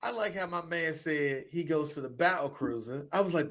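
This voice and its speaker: Animated man with lively pitch swings. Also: normal speed. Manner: animated, laughing, loud outbursts and impressions. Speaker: podcast co-host. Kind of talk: casual chat.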